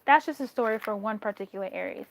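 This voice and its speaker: A woman's voice: a little high, fast, a little hiss or hum. A woman giving a casual tarot reading to camera, candid and chatty, swearing freely and giggling between thoughts. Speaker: tarot reader.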